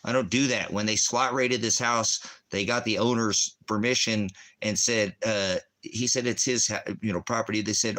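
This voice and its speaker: A man's voice: fairly low pitch, fairly even intonation, moderate pace, hardly any pauses, pushed and bright. A man, a military veteran, delivering an angry, profane, rambling rant. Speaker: veteran ranting.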